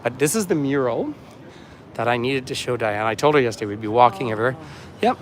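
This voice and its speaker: A chatty man guides a livestreamed walking tour along a city street, rambling from sight to sight and reading viewers' comments aloud. His voice sits at an ordinary middle pitch, caught on a phone carried as he walks, with faint traffic noise around him. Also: lively intonation, fast. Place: outdoors on a city waterfront street.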